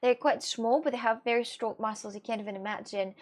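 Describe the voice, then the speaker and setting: Young woman, slightly high pitch, casual stream chat, fillers and restarts. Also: fairly quick. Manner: rambling, many fillers and restarts, reads chat aloud. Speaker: livestreamer chatting with viewers.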